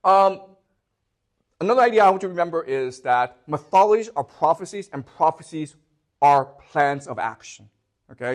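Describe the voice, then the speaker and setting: A man teaching a history class, speaking off the cuff with many fillers and restarts, often pausing to ask "okay?" to check that students follow. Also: a little high. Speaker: lecturer.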